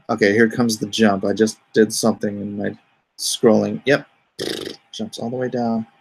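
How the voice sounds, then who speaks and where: Gravelly middle-aged man chatting on stream. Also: lowish voice, flat delivery, measured pace, a little hiss or hum. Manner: rambling, reads viewer comments aloud and answers them. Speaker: comic artist hosting a live stream. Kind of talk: casual live-stream chat.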